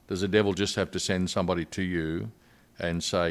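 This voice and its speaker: A man's voice: low voice, flat delivery, fairly quick. An older man with an Australian accent, a missionary guest telling his story earnestly in a podcast interview.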